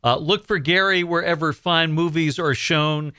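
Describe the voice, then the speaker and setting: Bright, bantering male radio host. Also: on the high side, fairly even intonation, moderate pace, smooth, no room sound, studio quality. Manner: jokey, bantering. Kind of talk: casual radio interview.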